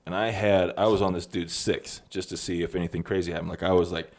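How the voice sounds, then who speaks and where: A man's voice: low voice, fairly even intonation, fast talker. A man in casual podcast chat, laid-back, reminiscing with short replies and laughs. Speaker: podcast guest.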